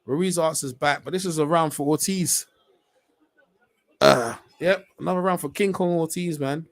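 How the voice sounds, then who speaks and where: A man with a slightly high voice and normal pace commentates live on a boxing match as a stream host. His talk is casual, slangy and chatty, rising to excited shouts on big punches, and there's no room sound.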